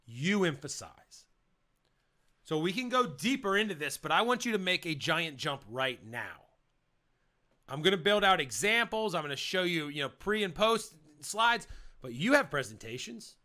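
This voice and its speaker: Punchy, bright-voiced male presentation coach. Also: sits high, big pitch swings, moderate pace. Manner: punchy, emphatic, repeats key points. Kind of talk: energetic instructional talk.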